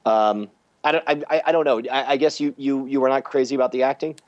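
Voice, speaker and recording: Man, casual chat, halting, lots of ums, muffled lo-fi sound, dry. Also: medium pitch, no echo. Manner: halting, hesitant with many fillers. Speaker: podcast co-host. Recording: dull, dry lo-fi audio.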